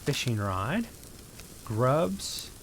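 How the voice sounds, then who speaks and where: A man streaming a survival game live, thinking aloud in a relaxed, rambling way as he plays. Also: medium pitch, very slow, a little hiss or hum. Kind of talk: casual live-stream gameplay commentary.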